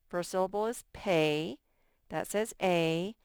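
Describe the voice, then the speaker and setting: A woman's voice: lowish voice, clear, resonant tone, dry recording, studio quality. A woman teacher giving a recorded phonics lesson to young children, patient and thinking aloud as she works. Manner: slow, patient, thinks aloud while sorting words.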